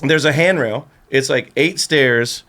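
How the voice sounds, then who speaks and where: A skateboarder guesting on a podcast tells a story in a casual chat, his medium-pitched voice moving slowly. He's an animated storyteller who acts out the voices and laughs throughout.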